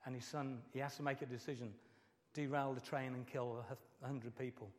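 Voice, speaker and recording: A man's voice: mid-range voice, little pitch movement, normal speed, big-room sound. A middle-aged man preaching a sermon as pastor, earnest and emotional, repeating his key phrases.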